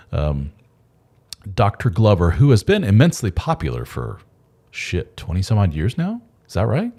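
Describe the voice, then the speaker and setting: Hosting a casual live stream for his men's support channel, a man with a voice on the low side and a darkish tone rambles loosely and candidly, dropping in mild swearing.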